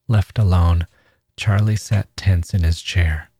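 A low-voiced man reads a literary story aloud in a measured, steady way. The sound is dry and close, with no room around it. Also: husky, dry recording. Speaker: podcast host reading a story.

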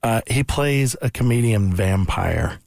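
A man's voice: mid-range voice, lively intonation, unhurried, vocal fry, darkish tone, no room sound, clean studio sound. A man co-hosting a talk radio show, making wry remarks. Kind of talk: casual talk radio banter.

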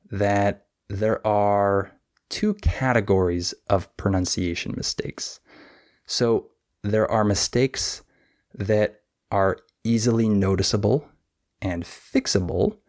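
Male pronunciation coach, slow and deliberate, gravelly low voice, patient podcast lesson delivery. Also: a little mellow. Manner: patient step-by-step explaining. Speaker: pronunciation teacher.

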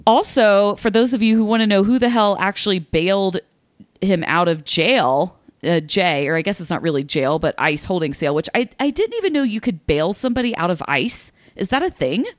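A woman's voice: medium pitch, expressive, moderate pace, dry recording, clean studio sound. A woman co-hosting a podcast in casual chat, recapping news in a chatty way with frequent fillers. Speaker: podcast co-host.

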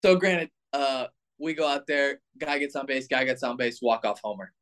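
A young man in his twenties, a baseball player, telling a story in a casual, animated way with lots of filler words. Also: medium pitch, moderate pace.

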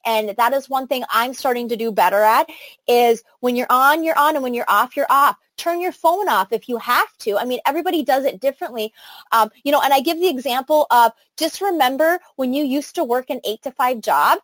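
Peppy middle-aged woman coaching her sales team, high voice, dry close sound, lots of ums. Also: brisk, a bit bright, no echo. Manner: enthusiastic, chatty, many fillers and restarts. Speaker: network marketing team leader. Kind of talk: motivational training talk.

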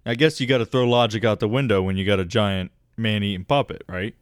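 Low-voiced man, laughing banter. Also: steady tone, fast talker, smooth, no echo. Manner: laughs often, swears freely. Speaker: co-host. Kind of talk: casual podcast chat.

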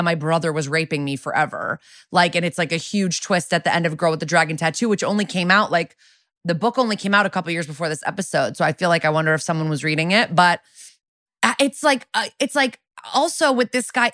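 Female podcast co-host, mid pitch, dry close mic, chatty and opinionated. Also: fairly bright tone, no room sound. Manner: chatty, opinionated, full of fillers. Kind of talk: casual chat.

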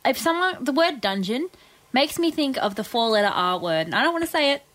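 A woman co-hosting breakfast radio, playful and quick to laugh. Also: high voice, sing-song, fairly bright tone, dry recording. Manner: giggly, playful reactions. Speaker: radio co-host.

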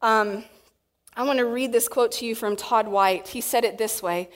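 A woman preaching a sermon to a congregation, animated and acting out quotes in different voices. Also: a little high, normal speed. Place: church hall with audience. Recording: long reverb of a hall.

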